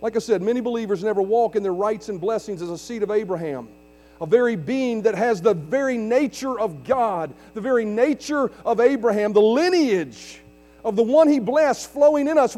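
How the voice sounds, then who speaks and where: A man whose voice sits high, animated and mellow, preaches at a normal speed with faint music behind him. Acting as pastor, he drives his points with rising emphasis and questions to the congregation, and a large hall's long reverb and mains hum color the audio.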